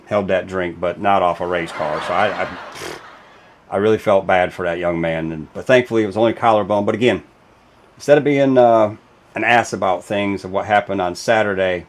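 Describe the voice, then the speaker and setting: A man hosting a racing show, talking casually and emphatically, with lots of fillers and restarts. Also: deep voice. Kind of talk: casual commentary video.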